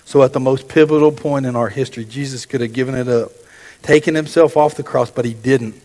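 A man delivers a sermon in an earnest, steady middle voice, stumbling and correcting himself as he reads scripture. The recording carries a long, echoing reverb from a large church room. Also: medium pitch, a little fast. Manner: earnest, with repeated restarts and self-corrections. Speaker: preacher. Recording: echoey hall with long reverb.

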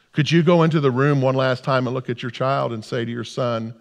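Dramatic preacher in an echoing hall. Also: male voice, medium pitch, flat delivery, fast talker, hardly any pauses. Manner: dramatic storytelling, swings from loud to hushed. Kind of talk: sermon. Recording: long hall reverb.

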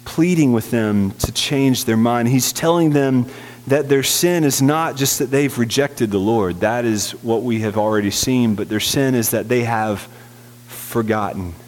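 A man's voice: medium pitch, a little slow, long reverb tail. A man pastor preaching a sermon, earnest and full of rhetorical questions to the congregation.

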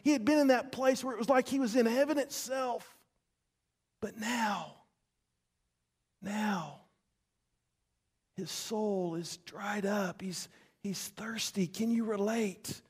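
A man preaching a sermon as pastor, dramatic, repeating words and swinging between loud passages and hushed ones. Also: high-pitched, slow pace, long pauses, breathy edge.

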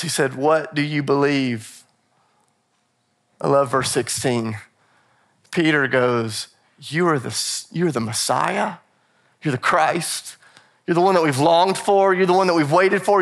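Animated high-voiced male pastor preaching. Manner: animated, acts out quotes from scripture in casual voices; repeats phrases for emphasis. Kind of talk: sermon.

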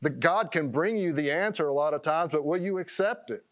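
A male pastor delivers a loose, rambling sermon with a voice pitched a little high. He restarts his phrases, doubles his words and laughs at his own digressions. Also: expressive, fairly quick.

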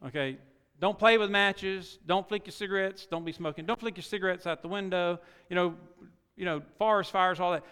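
A middle-aged male pastor preaching with a high, bright, clear voice. His folksy delivery is full of rhetorical questions and drops to quiet asides before rising to loud exhortation. The long reverb of a large church hall trails every phrase. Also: fairly even intonation, brisk. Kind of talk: sermon.

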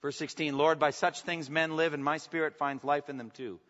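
A man preaching a sermon as pastor, swinging from emphatic declarations to soft, intimate asides and asking the congregation for response. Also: on the high side, fairly even intonation, moderate pace. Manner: preaching with rising emphasis, then dropping to soft, intimate lines. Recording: long reverb, dull lo-fi sound.

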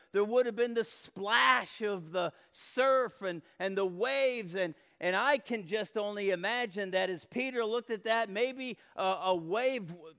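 Male pastor with a high voice and a slow, deliberate delivery, preaching with dramatic swings from loud to hushed, recorded with long hall reverb. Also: clear, resonant tone. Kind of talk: sermon.

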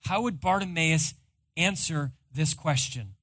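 A male pastor preaching a sermon, retelling a story dramatically and swinging between loud and hushed. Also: fairly high pitch, unhurried, dry recording.

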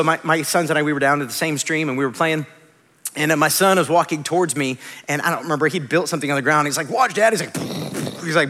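A man in his thirties preaching a sermon as a pastor, telling stories in a lively, conversational way with quick asides. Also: high voice. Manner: animated, conversational storytelling with rapid asides. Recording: long hall reverb.

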